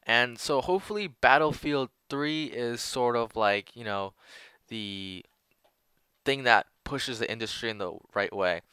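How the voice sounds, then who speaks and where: A man's voice: mid-range voice, unhurried, bright, forceful tone, smooth, no room sound. A young man giving casual commentary over gameplay, rambling with many filler words and restarts. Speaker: gaming commentator.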